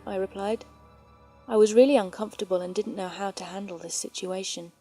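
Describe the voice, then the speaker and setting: A woman reads true horror stories aloud in a calm, measured way. Her tone is mellow and warm at a middle pitch, with faint music playing softly underneath. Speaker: horror story narrator. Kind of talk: reading scary stories aloud. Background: faint background music.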